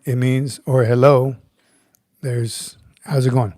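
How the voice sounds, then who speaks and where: Middle-aged male host, easygoing and chatty, mellow voice with a dry, close sound. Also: medium pitch, moderate pace, no room sound. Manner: relaxed, chatty, chuckles often, greets viewers by name. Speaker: livestream host, retired Marine sergeant major. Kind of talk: casual livestream chat reading comments.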